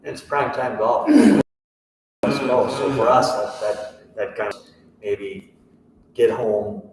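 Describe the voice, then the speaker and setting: A man's voice: on the low side, slow, a little mellow, a little hiss or hum. A man co-hosting a golf talk show, chatting in a laid-back way. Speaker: golf pro co-host. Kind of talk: casual chat. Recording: echoey room, mic far off.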